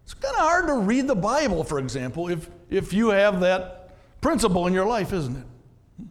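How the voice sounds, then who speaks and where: A man's voice: sits high, sing-song, normal speed, big-room sound. A man, a pastor, preaching a sermon in a conversational way, often asking the congregation questions.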